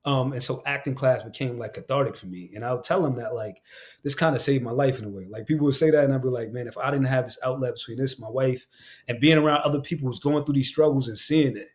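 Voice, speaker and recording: A man's voice: mid-range voice, fast. Candid New man, slangy and emphatic. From Queens, New York. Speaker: actor and voice actor, podcast guest. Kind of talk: casual podcast conversation.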